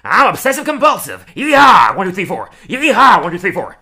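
A man putting on the voice of a loud, boastful old Texan cowboy, whooping and shouting as a cartoon impression. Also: high voice, wildly swooping pitch, fairly quick, pitched above the performer's own voice, heavily acted. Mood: rowdy.

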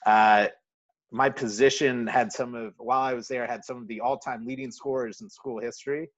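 A man's voice: mid-range voice, fairly even intonation. Guy w neutral american accent telling stories, lots of uh and restarts, kinda muffled recording. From New York City. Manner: halting, many fillers and restarts. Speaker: guest. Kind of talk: casual interview storytelling. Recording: muffled lo-fi audio.

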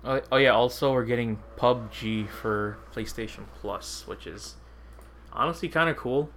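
A man's voice: medium pitch, normal speed, a bit bright, slight background noise. A man co-hosting a podcast, chatting casually and telling stories with frequent laughter. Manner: laughs often, loose rambling storytelling. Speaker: podcast co-host. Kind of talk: casual chat.

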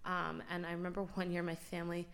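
Young american woman on a podcast, lowish voice, laid back, says um a lot. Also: quick pace, creaky. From United States. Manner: relaxed and reflective, with frequent ums. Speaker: podcast co-host. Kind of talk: casual chat.

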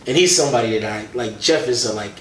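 Man telling animated stories, roomy distant sound. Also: medium pitch, fast. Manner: animated storytelling with slang. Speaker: hip-hop artist and guest. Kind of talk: casual interview conversation. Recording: roomy, distant mic, faint noise.

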